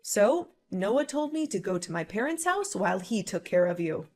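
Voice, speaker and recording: A woman's voice: mid-range voice, big pitch swings, moderate pace. A woman playing a cool, cutting young wife. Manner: cool, composed, dryly sarcastic. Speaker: voice actor. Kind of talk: dramatized story acting.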